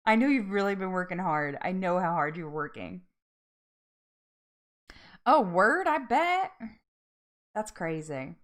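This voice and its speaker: A woman hosting a live-stream chat, bubbly and effusive, laughing often and getting emotional. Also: mid-range voice. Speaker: livestream host.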